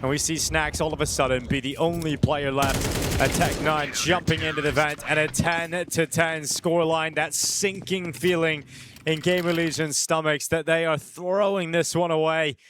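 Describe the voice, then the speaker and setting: A man calling live esports play-by-play, energetic and rising with the action. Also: on the high side, normal speed, noisy background. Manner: energetic, building excitement on big plays. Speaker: esports commentator.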